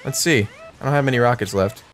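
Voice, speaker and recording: A young man doing live gameplay commentary for his channel, excitable and talking straight to his viewers. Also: mid-range voice, quick pace, slight background noise. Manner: excitable, talks to viewers, shouts at wins. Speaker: gaming YouTuber.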